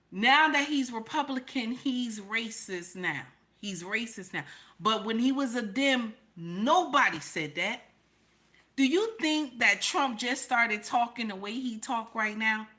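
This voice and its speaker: A woman's voice: fairly high pitch, pushed and bright. A woman hosting a live stream, giving emphatic opinionated commentary. She repeats her points, asks rhetorical questions and calls her viewers baby and honey.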